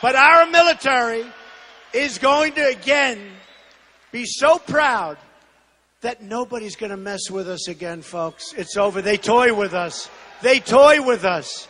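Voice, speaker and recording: Older man on the stump: sharp, forceful tone, emphatic and repetitive, booming through a big reverberant hall. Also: a little slow. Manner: emphatic, repetitive, punchy phrasing; shouts some lines. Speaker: political candidate. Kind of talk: campaign rally speech. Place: large rally venue. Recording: long reverb of a large hall.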